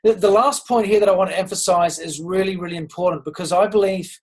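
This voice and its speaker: A man's voice: high-pitched, fast, slightly rough, rough recording. A man giving a motivational leadership talk on a group call, earnest and encouraging, asking his listeners questions and often restarting with ums. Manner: asks listeners direct questions. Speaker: leadership coach.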